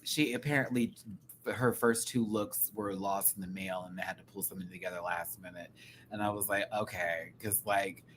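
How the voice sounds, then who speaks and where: A man's voice: low-pitched, moderate pace, slight background noise, rough recording. Sassy, profane man hosting a chat show. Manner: sassy, profane, rambling and animated. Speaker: podcast host. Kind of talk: casual pop-culture chat.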